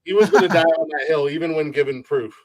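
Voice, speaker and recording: A man's voice: fairly high pitch, quick pace. A man on a casual podcast panel telling a story, repeating words as he starts his sentences. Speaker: panel guest. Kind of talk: casual chat.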